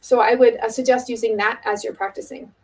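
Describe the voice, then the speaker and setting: Middle-aged woman oboe teacher, slightly high voice, casual and halting, lots of ums. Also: fairly even intonation, a little mellow, poor audio. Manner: casual and halting, many fillers and restarts. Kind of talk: instructional video lesson.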